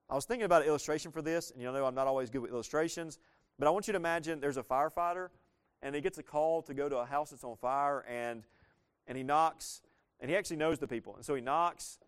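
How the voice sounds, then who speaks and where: A man preaching a sermon in a middle-pitched voice. He talks earnestly and with emphasis, throws rhetorical questions at the congregation and drives points home by repeating them. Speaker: pastor.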